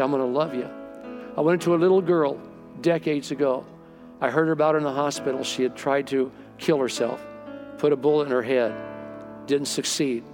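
Preaching a sermon, this middle-aged pastor has a mid-range voice with a slightly mellow quality. His delivery is storytelling, and he performs the lines people said.

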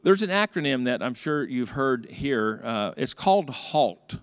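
A man's voice: mid-range voice, a little slow, clear, resonant tone, no echo, studio quality. A middle-aged man, a pastor, preaching a sermon and telling stories with acted-out dialogue. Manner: storytelling with lively acted-out dialogue.

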